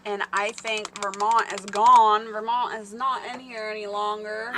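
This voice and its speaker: A woman's voice: mid-range voice, level tone, a little slow, a crowd in the background. A woman hosting a casual live stream from her small farm, chatting with viewers and laughing often as she tells a story. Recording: farm noise with ducks and geese.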